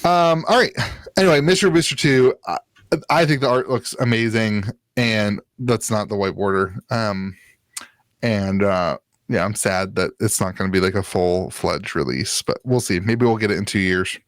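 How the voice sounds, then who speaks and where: With a lowish voice and moderate pace, an Ohio co-host rambles through a laid-back card game podcast. Jokes and filler words abound, and the recording is dry.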